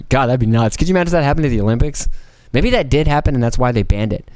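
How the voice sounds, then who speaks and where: A man's voice: mid-range voice, animated, fast talker, a little mellow, dry recording. A man hosting a casual solo podcast, rambling and joking with plenty of profanity and playful mock voices. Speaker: podcast host.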